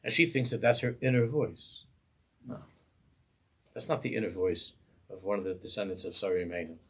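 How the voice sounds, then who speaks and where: A man's voice: low-pitched, fairly quick, slightly rough. A man, a rabbi giving an impassioned Torah class in a synagogue, pleading with rhetorical questions.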